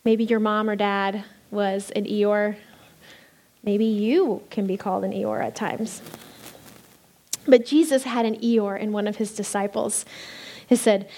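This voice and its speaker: A woman pastor preaching a sermon, telling the story with lively delivery and acting out the voices of the people in it. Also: medium pitch.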